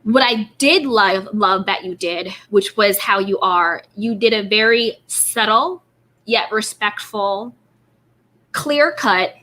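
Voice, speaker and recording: A woman's voice: mid-range voice, measured pace, pushed and bright. A woman hosting an interview, talking casually and emphatically, leaning heavily on "like" and repeating words. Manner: emphatic, repetitive, fills with "like". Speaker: host.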